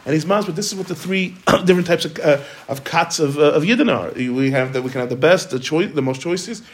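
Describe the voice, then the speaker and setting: A man leads an informal Torah lesson at a brisk clip, his voice pitched slightly above the usual male range. He restarts sentences often and weaves Hebrew and Yiddish terms into his English explanations. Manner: rapid, repeats and restarts words, sprinkles Hebrew and Yiddish terms. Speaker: Torah teacher.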